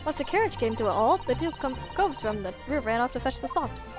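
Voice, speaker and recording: Lady doing a cheeky cockney street girl, high and scrappy, all slang and attitude. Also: animated, brisk, music in the background. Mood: recounting. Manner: brash, slangy, defiant.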